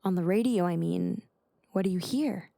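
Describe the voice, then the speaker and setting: A woman's voice: fairly low pitch, moderate pace, vocal fry, dark tone, no room sound. A woman voicing a sincere, curious older woman who asks questions urgently.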